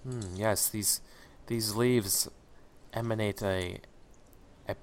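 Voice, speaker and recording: A man's voice: on the low side, fairly even intonation, slow pace, slight background noise. A man voicing an old, formal wizard in a tabletop story game, speaking in an archaic way. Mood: solemn. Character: old male wizard, last of his kind, formal and calm.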